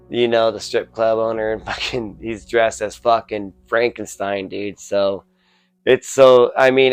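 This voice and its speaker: A man's voice: on the low side, clear, resonant tone. A man casually reviewing a horror film, rambling, swearing constantly, full of "you know" and "uh" fillers. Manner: rambling, heavily profane, filler-laden.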